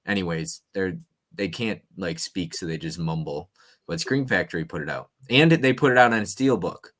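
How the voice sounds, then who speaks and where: Man, very low voice, casual quiz host, playful, swings between loud and quiet. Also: moderate pace.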